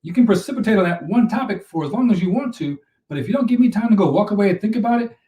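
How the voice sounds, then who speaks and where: A man's voice: high-pitched, expressive, very fast, warm tone, echoey room, far from the mic, rough recording. A man co-hosting a relationship talk show, giving earnest advice on a live stream and repeating points to drive them home. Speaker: relationship coach and co-host.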